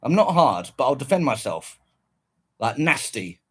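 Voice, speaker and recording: A man's voice: mid-range voice, big pitch swings, a little slow, fairly bright tone, slightly rough. A man angrily recounting a run-in with police, swearing constantly and repeating himself. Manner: swearing, bitter, repetitive. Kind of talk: angry personal rant.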